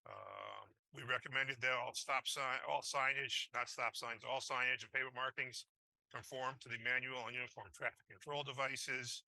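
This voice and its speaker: A man's voice: mid-range voice, expressive, vocal fry, bright, forceful tone, dry recording, rough recording. A man presenting a traffic study at a public board meeting, hesitant and full of fillers, and losing his voice. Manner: halting, many fillers and restarts.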